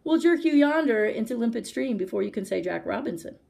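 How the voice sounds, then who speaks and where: A grandly pompous python full of long formal words, pitched a bit higher and louder than the reader's own voice, as a woman puts him on. A gravelly, husky edge runs through it. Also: lively intonation, fairly quick, heavily acted. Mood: pompous, urgent. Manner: pompous, elaborate formal speech. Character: pompous old male python, wordy and formal. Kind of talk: storytime read-aloud.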